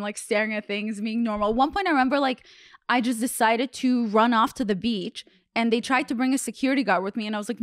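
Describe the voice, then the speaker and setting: A woman's voice: on the high side, steady tone, fast, no echo, studio quality. A young woman hosting a podcast, telling a long rambling story in casual chat, full of "like" fillers. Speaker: podcast host.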